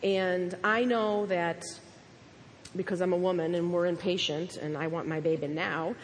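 A woman's voice: fairly low pitch, steady tone, unhurried, long reverb tail, a little hiss or hum. A young woman sharing a personal testimony in church, earnest and emotional.

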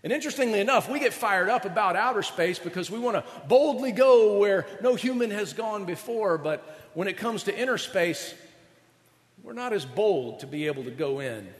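A male pastor preaching a chatty, animated sermon, often asking his audience questions. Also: high-pitched, long reverb tail.

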